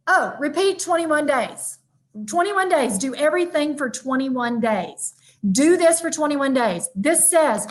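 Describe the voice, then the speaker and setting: Lively woman motivational speaker. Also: high voice, slow pace. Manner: lively, emphatic, talks straight to the audience. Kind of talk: virtual keynote talk.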